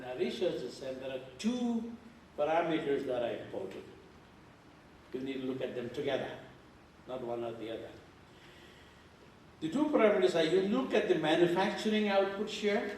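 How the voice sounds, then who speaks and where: A man's voice: a little high, darkish tone, a little hiss or hum. An older man giving a conference keynote, emphatic and repeating phrases as he lectures. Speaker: keynote speaker. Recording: echoey hall from far off.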